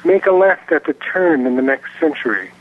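Man, poet, measured reading, slightly high voice, tinny phone line. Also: animated. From Virginia, US. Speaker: poet and guest caller. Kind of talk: poetry reading. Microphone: telephone.

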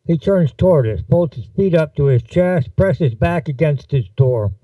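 A man's voice: lively intonation, moderate pace, no echo, distant mic, phone-quality sound. Man reading a gritty story aloud. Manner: voices dialogue with shifts in pitch. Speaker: narrator. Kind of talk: audiobook-style fiction reading.

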